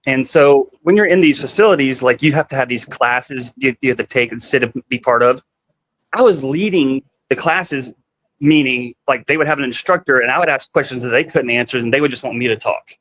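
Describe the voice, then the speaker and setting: A man's voice: medium pitch, brisk, fairly bright tone, no echo, poor audio. A man talking casually as a guest, rambling with lots of fillers and acting out what people said. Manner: rambling, heavy on "like" fillers, acts out quoted dialogue. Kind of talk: casual storytelling conversation.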